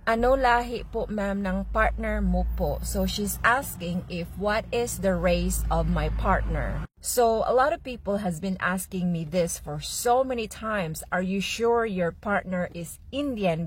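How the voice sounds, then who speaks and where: Husky Filipina woman chatting to camera. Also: medium pitch, low-quality recording. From Philippines. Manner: chatty, earnest, answering viewer questions. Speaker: vlogger. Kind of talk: casual vlog chat.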